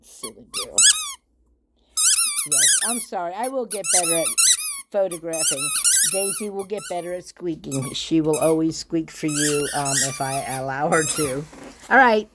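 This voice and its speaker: A woman's voice: on the low side, huge pitch swings, normal speed, heavy background noise. A woman vlogging from home, giving a chatty, rambling product review, often breaking off mid-sentence and chuckling.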